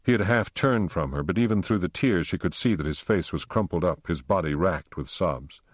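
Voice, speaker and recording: A man narrating an audiobook in a steady, unhurried storytelling manner on a close microphone. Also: sits low, no echo.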